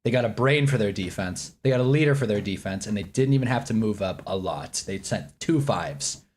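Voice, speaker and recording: A man's voice: lowish voice, lively intonation, a little fast, darkish tone, a little hiss or hum. Annoyed man ranting on a live stream. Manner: rambling, annoyed and joking, talks while eating. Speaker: streamer reacting live to a football draft. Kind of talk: casual live-stream reaction.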